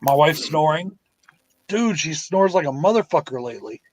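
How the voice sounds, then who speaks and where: High-voiced man hosting a podcast. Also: animated, moderate pace, darkish tone, slight background noise. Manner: crude, swears freely, laughs often. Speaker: podcast host. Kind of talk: casual live podcast chat.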